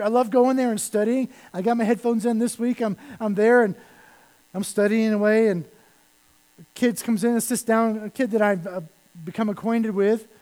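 A male pastor preaching a sermon, animated, with lines that fall to a hush. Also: high-pitched, low-quality recording. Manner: animated preaching that drops to soft, hushed lines.

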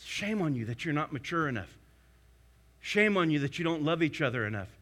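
Male pastor, high and sharp-toned, emphatic sermon delivery with big swings in volume. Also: sing-song, a little fast. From United States. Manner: emphatic, swings between loud and hushed.

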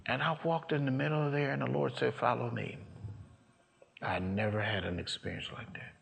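A man's voice: on the low side, fairly quick, creaky. A man preaching, telling a story from his own life and acting out the voices of the people in it. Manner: storytelling, acts out voices, rising to shouts. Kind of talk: sermon testimony.

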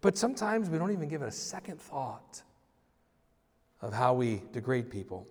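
A man's voice: medium pitch, very animated, normal speed, darkish tone, slightly rough. A male pastor preaching a conversational sermon, informal, often restarting and repeating words. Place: church sanctuary. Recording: long reverb of a church hall.

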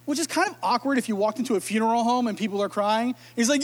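A man's voice: extremely high pitch, quick pace. A man preaching a sermon in a humorous, conversational way, acting out quotes. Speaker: pastor.

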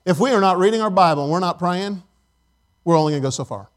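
A middle-aged male pastor with a fairly high voice delivers a sermon. He swings from loud, emphatic lines to soft, hushed asides. His delivery is animated and personal. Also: quick pace.

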